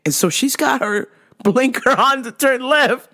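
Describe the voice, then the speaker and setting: A woman in her thirties hosting a podcast, telling a story in a casual, animated way, laughing often and swearing freely. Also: sits high, unhurried. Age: 30s. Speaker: podcast host.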